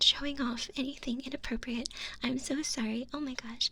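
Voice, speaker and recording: A woman streamer chatting in an ASMR stream, mostly in soft whispers on a binaural microphone, breaking into giddy, excited exclamations. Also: sits high, moderate pace, breathy edge. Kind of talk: whispered ASMR livestream chat.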